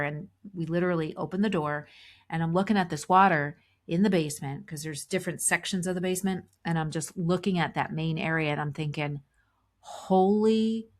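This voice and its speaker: A middle-aged woman with a fairly low voice tells a story on her podcast. She restarts often and acts out her own thoughts as she goes. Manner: animated retelling with many restarts and acted inner thoughts. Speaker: podcast host. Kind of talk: storytelling monologue.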